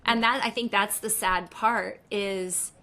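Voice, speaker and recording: A middle-aged woman speaks in an emphatic, conversational way and hammers home points by repeating phrases. Her voice sits at a middle pitch. She talks like a guest in a relaxed interview. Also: measured pace. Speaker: podcast guest.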